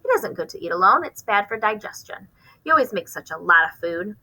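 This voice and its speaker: A woman reading aloud voicing a fussy, sharp-tongued elderly auntie who gives curt orders. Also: medium pitch, very animated, fairly quick, heavily acted, low-quality recording. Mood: bossy. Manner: dry, bossy, curt.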